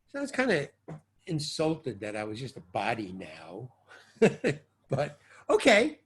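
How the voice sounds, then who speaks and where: An older man being interviewed about his acting work, telling stories in a loose, animated way and acting out the dialogue, sometimes with a curse. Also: medium pitch, measured pace, husky. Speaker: actor interviewee. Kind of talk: casual anecdotal storytelling.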